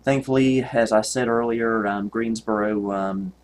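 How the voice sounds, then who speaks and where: A man's voice: on the low side, fairly even intonation, a little slow, a little hiss or hum. A man, rambling and joking at himself with many ums while commenting on gameplay. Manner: rambling, self-mocking, many ums and laughs. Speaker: retro computer video host.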